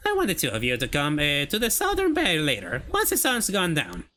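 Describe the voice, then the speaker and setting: A playful grandmother in a story game, voiced by a streamer reading every part. The voice climbs and dips dramatically, with a bright, forceful edge, and she teases as she talks. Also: medium pitch, huge pitch swings, fairly quick, slight background noise. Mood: teasing. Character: teasing elderly grandmother.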